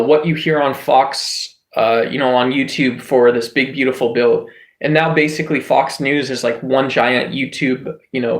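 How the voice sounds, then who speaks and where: A man's voice: mid-range voice, gravelly, reverberant. A man hosting a casual livestream chat, rambling with lots of filler words and restarts. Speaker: livestream host.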